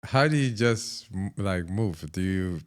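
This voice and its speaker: A man hosting a podcast, asking halting questions while he searches for words. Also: low-pitched, animated. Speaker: podcast host. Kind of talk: interview questions.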